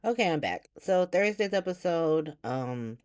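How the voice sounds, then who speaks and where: A woman's voice: on the low side, animated, a little slow, a little mellow. A woman hosting a podcast, recapping a soap opera in a blunt, profane, sarcastic way, rambling with fillers and firing off exasperated rhetorical questions. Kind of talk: casual recap chat.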